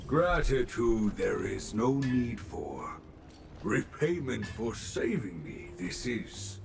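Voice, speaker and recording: A wise old craftsman in a game, calm and measured, who puts his words in inverted order. His lowish voice rises and falls widely and unhurriedly, and music plays clearly beneath him. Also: exaggerated voice.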